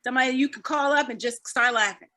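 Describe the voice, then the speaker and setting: Woman, high voice, bright tone, encouraging workshop leader, laughs a lot. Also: quick pace. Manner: laughs often, energetic and encouraging. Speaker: fitness speaker leading a wellness talk. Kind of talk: live online wellness workshop.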